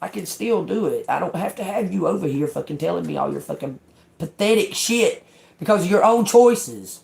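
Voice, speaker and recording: A woman's voice: on the low side, expressive, normal speed, gravelly, darkish tone. A woman giving a casual live tarot reading. She talks bluntly, swears often, laughs between phrases and keeps checking whether her listeners understand. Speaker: tarot reader.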